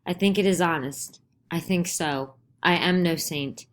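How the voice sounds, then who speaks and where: A woman's voice: fairly low pitch, measured pace, close to an everyday voice. A woman voicing an anguished, defiant middle-aged male farmer in a dramatized play reading, with pained, raised delivery.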